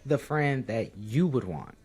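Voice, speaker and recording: A woman co-hosting a casual podcast chat, telling stories in a blunt, animated way. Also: a bass voice, slow, breathy edge. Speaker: podcast co-host.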